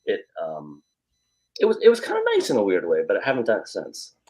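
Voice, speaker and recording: A man's voice: fairly low pitch, huge pitch swings, fairly quick, darkish tone. A man talking as a guest author in casual chat, thinking aloud with frequent restarts.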